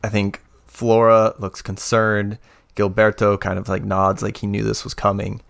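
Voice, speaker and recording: A man narrating a tabletop game as game master, relaxed and hesitant. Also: on the low side, moderate pace, vocal fry. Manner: relaxed, hesitant, many fillers.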